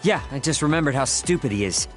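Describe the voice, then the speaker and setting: A man's voice: mid-range voice, lively intonation, fast talker, faint music behind, lightly acted. An actor playing a brash, hot-headed young man who mocks others bluntly in a game cutscene. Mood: scornful. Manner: blunt, mocking outbursts.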